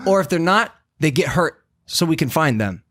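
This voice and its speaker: A man's voice: on the high side, moderate pace, a crowd in the background. A young man in his twenties hosting a podcast, telling a story in casual chat and acting out quotes in a raised voice. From United States. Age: 20s. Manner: animated, acts out quotes in a raised voice. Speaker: podcast host.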